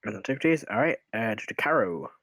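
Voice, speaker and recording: A man's voice: lowish voice, a little fast, gravelly, no room sound. Easygoing man narrating as game master. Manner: relaxed and rambling, hums while he thinks.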